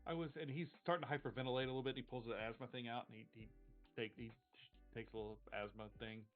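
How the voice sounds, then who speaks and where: A man narrating a tabletop game as game master on a live stream, relaxed with many fillers, over tinny audio with faint music. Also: mid-range voice, fast talker.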